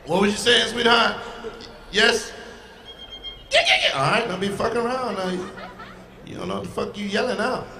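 A woman's voice: medium pitch, sing-song, moderate pace, long pauses, sharp tone. Brash, profane woman comic working the crowd. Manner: brash, profane, teasing the audience. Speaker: stand-up comedian. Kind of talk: stand-up crowd work. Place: live comedy stage before an audience. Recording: echoey venue with audience noise.

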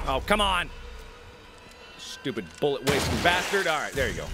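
A man in his twenties playing a game and chatting jokily with his viewers in an excitable way. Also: medium pitch, moderate pace, long pauses, music in the background. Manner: excitable, jokey, talks to viewers. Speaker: gaming host. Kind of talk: let's play commentary.

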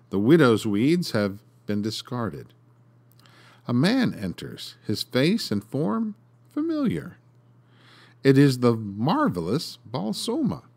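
A man hosting a podcast and reading a story aloud in an expressive, dramatic way. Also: fairly low pitch. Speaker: podcast host and narrator. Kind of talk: storytelling narration.

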